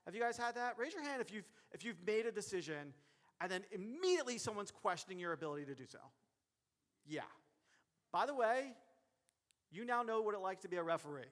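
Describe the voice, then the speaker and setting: A man giving a motivational keynote as a referee, speaking directly to the audience in a lively way. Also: sits high, a little fast. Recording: long hall reverb.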